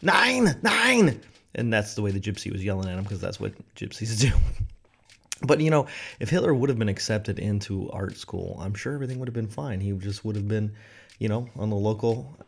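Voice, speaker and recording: A man's voice: lowish voice, fairly quick, creaky, a little mellow. Rambling man on a comedy rant. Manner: rambling, irreverent, jokey. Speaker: podcast host.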